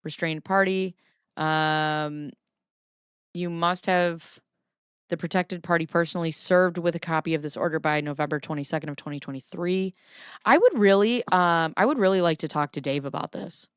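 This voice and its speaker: Playful, chatty woman with a smooth, lower voice. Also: normal speed, no room sound, studio quality. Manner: chatty and playful, laughs often, talks back to chat. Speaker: livestream host. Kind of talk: casual livestream chat, reading court filings aloud.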